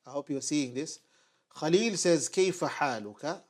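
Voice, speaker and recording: A man teaching a language lesson at a board, patiently repeating short phrases slowly so learners can follow. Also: a little high. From United Kingdom. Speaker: Arabic teacher. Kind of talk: online lesson at a whiteboard.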